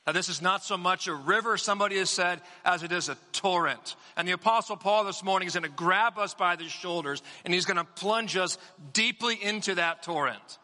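Bright-voiced pastor preaching in a reverberant church. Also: male voice, high voice. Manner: measured, emphatic preaching with repetition. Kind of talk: sermon. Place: church sanctuary.

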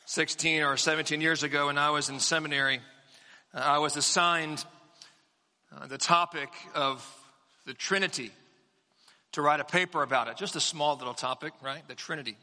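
A pastor in his forties delivering a sermon in measured, emphatic phrases, with repetition for weight. He speaks from a church sanctuary. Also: on the high side, steady tone, sharp tone, big-room sound.

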